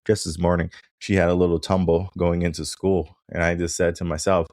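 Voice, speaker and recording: A man's voice: sits low, flat delivery, fairly quick, darkish tone, dry recording, clean studio sound. A middle-aged man hosting a coaching podcast, talking emphatically in a monologue, often asking "right?" and acting out other people's objections. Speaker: podcast host, mindset coach.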